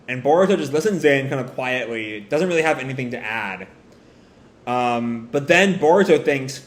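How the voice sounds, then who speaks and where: A man's voice: medium pitch, expressive, moderate pace. Casual man reading manga aloud. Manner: casual, hedging with fillers. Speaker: manga reaction host. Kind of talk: live reading and reaction. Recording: roomy echo.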